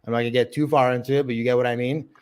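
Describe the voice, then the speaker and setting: An open mic comedian hosts a casual livestream chat, rambling along with plenty of fillers and swearing. His medium-pitched voice stays fairly even, a little mellow and smooth, while he races through his words.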